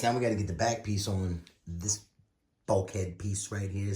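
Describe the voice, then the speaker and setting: A man's voice: mid-range voice, very animated, measured pace, darkish tone. A man hosting a casual build tutorial, folksy and playful, with bursts of exclamation. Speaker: RC car builder, channel host.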